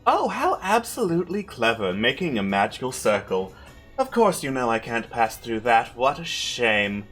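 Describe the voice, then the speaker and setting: A man's voice: medium pitch, big pitch swings, normal speed, a bit bright, faint music behind. A man voicing a sly female villain in a tabletop game who taunts in a falsely sweet way. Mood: mocking.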